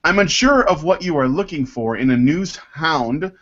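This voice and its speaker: A man's voice: a little high, animated, a bit bright. Rambling male podcast host, lo-fi. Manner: rambling, halting, with many fillers. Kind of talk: casual panel chat, reading listener mail.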